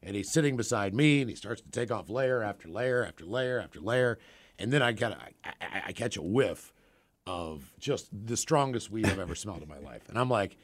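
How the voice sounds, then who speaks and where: A man telling a story in casual chat, animated and laughing as he talks. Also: on the low side, a little fast.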